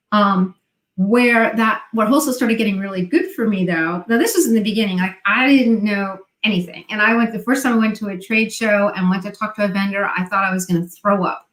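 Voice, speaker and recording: A middle-aged woman, a guest on an interview show, telling her story and acting out remembered dialogue in quoted voices. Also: medium pitch. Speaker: guest, online seller. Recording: echoey room sound.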